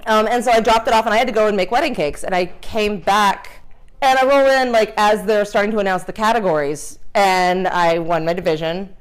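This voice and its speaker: A woman's voice: mid-range voice, brisk, clear, resonant tone. A woman in casual interview chat, a cake designer and teacher telling stories with quoted asides and laughter.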